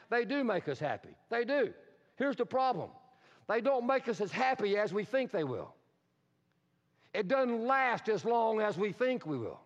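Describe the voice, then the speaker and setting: A high-voiced male pastor preaches with animated energy, often acting out the lines he quotes. His voice carries a long reverb through a church hall. The sound is slightly dull. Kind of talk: sermon. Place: church sanctuary.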